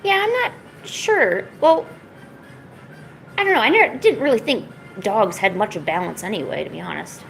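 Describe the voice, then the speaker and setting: A sick woman streaming her drawing, chatting softly to her pets and cooing at them. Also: mid-range voice, expressive, normal speed, gravelly, long pauses, rough recording. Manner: soft, cooing pet talk. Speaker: art streamer. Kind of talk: casual chat to her pets while drawing. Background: faint music.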